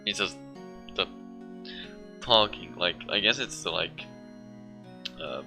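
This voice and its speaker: Tired, rambling male game streamer, deep voice, music bed behind. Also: takes it slowly, bright, forceful tone. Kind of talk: casual game commentary.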